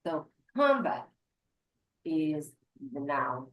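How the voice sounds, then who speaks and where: A woman's voice: lowish voice, measured pace, roomy sound, lo-fi sound. A woman English teacher leading an online class, patiently explaining grammar and switching between English and Portuguese.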